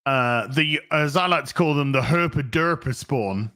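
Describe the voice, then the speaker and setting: A British man hosting a ranting commentary, with a sarcastic, scornful, deadpan delivery. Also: medium pitch, moderate pace, smooth. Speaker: host.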